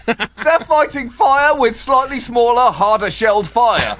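A man doing a shrill panicking everyman. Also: measured pace. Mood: panicked. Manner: shrill, excited yelling. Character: panicking man shrieking about killer turtles.

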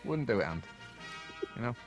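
A man's voice: medium pitch, sing-song, a little fast, dull audio, faint music behind. A man co-hosting a satirical podcast, teasing his partner in a mock-stern way. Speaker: podcast co-host.

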